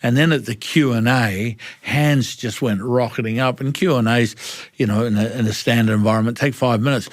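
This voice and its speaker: A man's voice: medium pitch, no room sound, studio quality. A middle-aged man with a New Zealand accent, a guest speaking frankly in an interview and acting out the dialogue of his stories. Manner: animated storyteller acting out dialogue. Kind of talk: candid interview storytelling.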